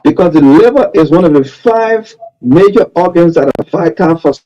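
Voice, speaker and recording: A man's voice: on the high side, animated, normal speed, mellow, highs cut off. A man presenting a health tip segment, repeating and stressing his key points. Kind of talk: radio health advice segment.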